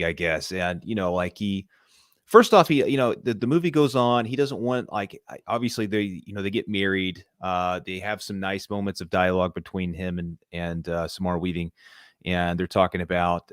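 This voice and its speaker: Low-voiced man in heated movie debate. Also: no echo, clean studio sound. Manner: animated, rambling, swings loud when heated. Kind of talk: casual live-stream debate.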